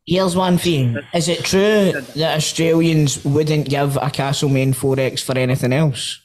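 A man with a Scottish accent co-hosting a football podcast, firing off quick, sweary jokes. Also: fairly high pitch, steady tone, darkish tone, poor audio. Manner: quick-witted, sweary banter. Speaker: podcast co-host. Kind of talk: casual football chat.

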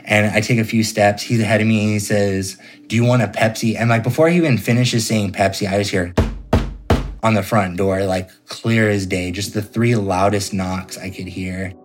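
A man's voice: on the low side, fairly even intonation, normal speed. A young man telling a personal ghost story in an interview, rambling casually with lots of fillers. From California.

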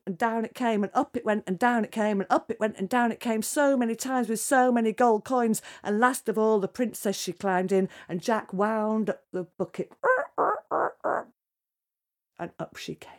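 Lively woman telling a children's tale. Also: fairly high pitch, normal speed. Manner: lively, dramatic, drops to hushed tones for suspense. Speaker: storyteller. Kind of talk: oral storytelling for children.

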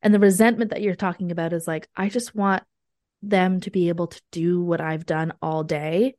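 A woman guest on a podcast chats casually in a low-leaning voice at a moderate pace, recorded with studio quality and no room sound. She tells stories with real animation and laughs often.

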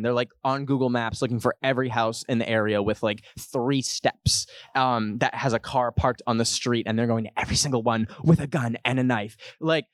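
A young man hosting a podcast, telling a comic story to a live audience in an animated, jokey way. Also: moderate pace, no room sound, studio quality. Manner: animated, jokey, puts on high voices for quotes. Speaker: podcast host.

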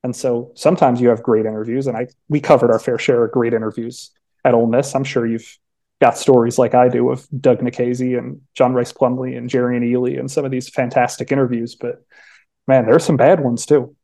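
Chatty young man with a mellow voice. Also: mid-range voice, flat delivery, fairly quick. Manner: chatty storyteller, frequent restarts and acted-out quotes. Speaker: podcast guest, sports beat writer. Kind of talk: casual chat.

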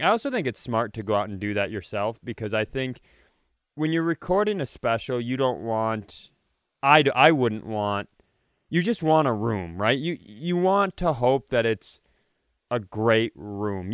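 A podcast co-host chatting casually, supportive and quick when he makes a point. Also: mid-range voice, clear, resonant tone, dry recording, clean studio sound. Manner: supportive, quick reflective talk. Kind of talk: casual chat.

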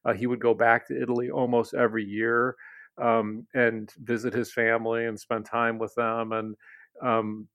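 A man being interviewed, telling a family story in a relaxed way, with many fillers and restarts. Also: medium pitch, moderate pace, no room sound. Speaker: interview guest, company leader. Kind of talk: conversational storytelling.

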